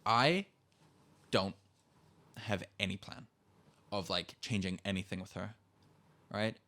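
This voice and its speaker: A man's voice: lowish voice, measured pace, pushed and bright. A teenage man, a podcast guest, telling candid, emotional stories in casual chat and swearing freely. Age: teens.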